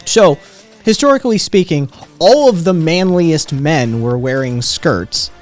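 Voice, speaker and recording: A man's voice: fairly high pitch, animated, a little slow, soft background music. A man hosting a livestream, chatting casually with viewers in a brash, teasing, profane way. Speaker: livestream host.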